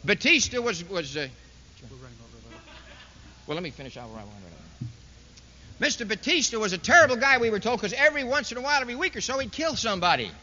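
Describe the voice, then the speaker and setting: A man holds forth in a high, lively, sharply bright voice. He addresses the crowd with biting sarcasm and rhetorical questions. The 1960s recording is dull and muffled, with long hall reverb. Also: quick pace, long pauses, slight background noise. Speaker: political speaker. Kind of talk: public speech to a university audience. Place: large lecture hall.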